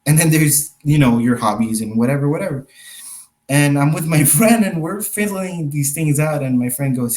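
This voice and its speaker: A man's voice: a little high, normal speed, a little mellow, low-quality recording. Laughing young man telling stories. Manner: rambling storyteller, laughs often, acts out quotes. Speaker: magician guest. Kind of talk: casual podcast interview.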